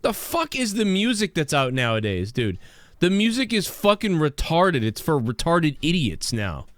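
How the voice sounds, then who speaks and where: A man's voice: fairly high pitch, wildly swooping pitch, normal speed, dry recording, studio quality. A man hosting a livestream show, ranting in a brash, profane, rambling way. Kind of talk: ranting live commentary.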